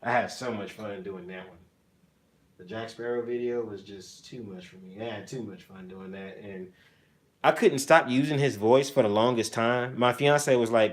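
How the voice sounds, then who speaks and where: A man's voice: on the low side, moderate pace. Playful man chatting on a phone stream. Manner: playful, teasing chat viewers. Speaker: streamer hosting his own channel. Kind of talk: casual livestream chat. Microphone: iPhone on a selfie stick.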